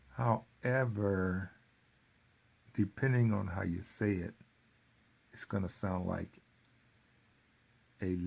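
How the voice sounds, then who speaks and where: A man teaching a workbook lesson, repeating phrases slowly with folksy asides. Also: low voice, creaky, darkish tone, breathy edge. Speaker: Spanish teacher.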